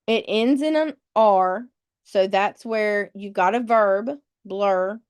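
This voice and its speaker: A woman in a live test-prep webinar teaches slowly, her mid-range voice clear and resonant. She goes over the rules patiently in steps and spells words out one letter at a time.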